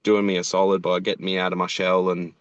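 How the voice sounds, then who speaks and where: A man's voice: low-pitched, monotone, quick pace, dry recording, highs cut off. A man in his thirties with an Australian accent, chatting casually as an interview guest, laid-back and swearing freely. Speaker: animator and show creator, guest.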